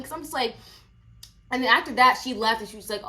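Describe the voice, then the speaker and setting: A woman in her twenties telling a casual storytime, chatty and animated, with lots of filler likes. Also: on the high side, fairly quick. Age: 20s. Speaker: vlogger.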